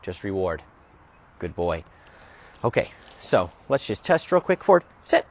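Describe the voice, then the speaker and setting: A man's voice: deep voice, big pitch swings, a little slow, a little hiss or hum. A man working as a dog trainer, explaining a training session outdoors as he goes and often checking in with "right?". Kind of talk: narrated training demonstration.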